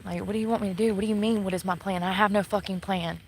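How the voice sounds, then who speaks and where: A woman rants angrily on a nighttime phone livestream near a shopping center, bitter and cursing constantly. She talks very fast in a steady, medium-pitched voice, and the rough recording has a little hiss or hum.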